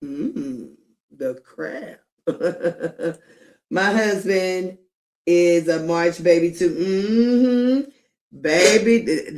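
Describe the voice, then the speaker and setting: A middle-aged woman chats on her live commentary stream in an unhurried, drawn-out way. She leans hard on her words and laughs often between points, with her voice sitting at an ordinary pitch. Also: a little mellow.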